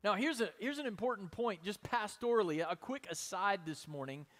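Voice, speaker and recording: Male pastor preaching, pretty high voice, lots of rhetorical questions, goes quiet then loud, long church echo. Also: animated, moderate pace. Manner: emphatic preaching, many rhetorical questions, shifts between soft and loud. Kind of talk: sermon.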